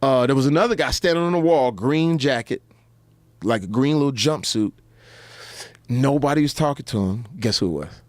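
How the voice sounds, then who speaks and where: A man guest telling stories in a lively way, jumping into high voices to act out the people he quotes. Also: moderate pace, a little hiss or hum. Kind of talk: animated storytelling.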